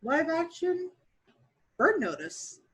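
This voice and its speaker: A woman's voice: extremely high pitch, very animated, takes it slowly, fairly bright tone, poor audio. A woman guest on a podcast, a dungeon master speaking candidly in casual chat with dry chuckles.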